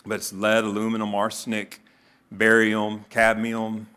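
Earnest, lower-voiced male pastor preaching. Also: monotone, a little slow, bright, forceful tone, smooth. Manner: earnest, conversational preaching with spoken prayers. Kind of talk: sermon.

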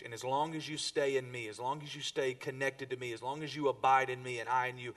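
Pastor, male, mid pitch, preaching to a congregation with emphatic rises, heard at a distance from the mic. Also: steady tone, fast, hardly any pauses, fairly bright tone. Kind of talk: sermon.

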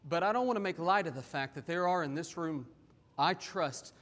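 A male pastor preaching a sermon, reading scripture with expression and speaking warmly and humorously to his congregation. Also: fairly high pitch, moderate pace. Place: church sanctuary. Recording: long hall reverb.

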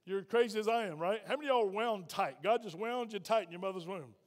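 A man's voice: sits high, fast talker, in a large hall. A middle-aged male pastor preaching a sermon in a folksy, direct way, calling on the congregation to answer. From Virginia. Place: church sanctuary.

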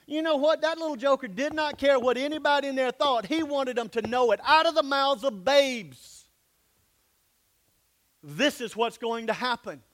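A man's voice: very high-pitched, a little fast, few pauses. A man preaching a sermon, reading scripture aloud and then explaining it in a folksy, plain-spoken way. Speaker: pastor.

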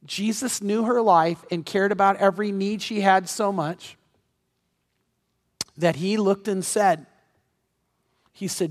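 A man's voice: high-pitched, slow pace, long pauses. A pastor delivering a sermon, telling a personal story earnestly and pressing his points with emphatic repetition. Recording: long reverb of a large hall.

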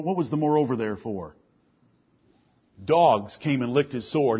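Husky guy preaching, lots of questions at the crowd, muffled lo-fi sound. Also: expressive, measured pace, pauses often. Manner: rhetorical questions, swings from soft to loud and high. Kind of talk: sermon.

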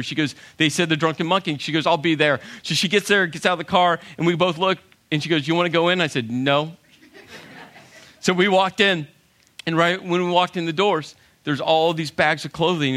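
Animated man telling a funny story. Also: fairly high pitch. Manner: animated, humorous, acts out quotes. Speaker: speaker telling a story to an audience. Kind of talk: storytelling talk.

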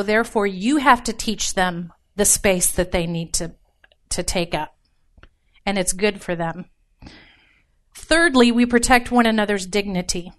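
A woman's voice: mid-range voice, fairly bright tone. A woman giving a casual, joking sermon on marriage, talking straight to her audience and asking for responses. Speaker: women's ministry speaker. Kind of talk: informal sermon.

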